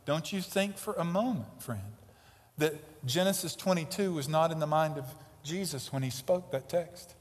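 Emphatic preacher in a reverberant church. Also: male voice, a little high, animated, normal speed. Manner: emphatic preaching, swings between loud stresses and quiet asides. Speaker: pastor. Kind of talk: sermon. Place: church sanctuary.

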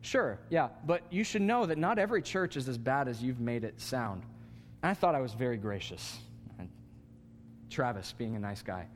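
A man preaching a sermon as a pastor, animated and self-mocking, climbing higher in pitch to stress a point. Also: moderate pace, slight background noise. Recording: long hall reverb.

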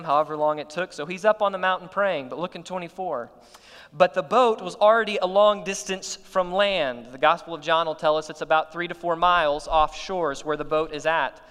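Man preaching, high-pitched and crisp, emphatic delivery, reverberant church hall. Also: a bit bright. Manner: expository preaching, rising to emphatic peaks. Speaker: pastor. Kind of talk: sermon.

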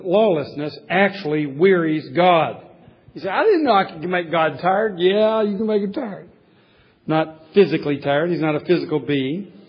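A pastor preaching a sermon in a slightly raised, husky male voice. He reads scripture aloud, then unpacks it with lively stories from his own childhood. The recording sounds dull and lo-fi. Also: on the high side.

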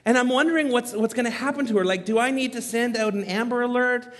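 A man in his thirties telling a story in a sermon as a pastor, animated and poking fun at himself. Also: very high-pitched, fast. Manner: animated, self-mocking humor. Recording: long reverb from a large hall.

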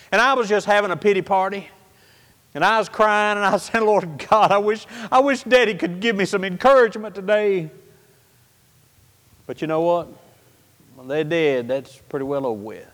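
A man preaching a sermon through a personal story, folksy and animated, moving between loud outbursts and hushed lines. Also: high-pitched, brisk. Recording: hall reverb.

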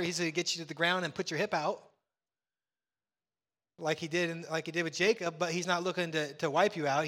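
A middle-aged man preaching a sermon as pastor, animated and acting out bits of dialogue. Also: fairly high pitch, in a large hall.

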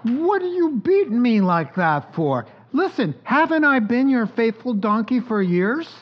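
A man putting on a high, complaining female donkey. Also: very animated, measured pace, exaggerated voice. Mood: exasperated. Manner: exasperated, complaining. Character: indignant female talking donkey. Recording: dull lo-fi recording.

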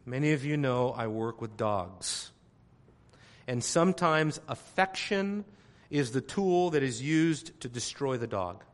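A man preaching a sermon to his congregation. He talks emphatically, repeats phrases to drive his point home, and swings from quiet asides to loud exclamations. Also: mid-range voice, animated, a little slow.

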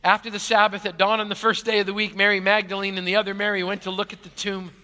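Male pastor, bright, high voice, animated sermon delivery, big reverberant church hall. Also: fast talker. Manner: animated, swings from loud to hushed. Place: large church auditorium.

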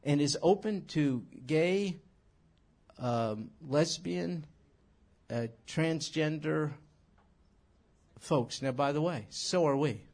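A man teaching scripture in an animated sermon, emphatic and full of rhetorical questions. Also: on the high side, slow, long pauses. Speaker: Bible teacher.

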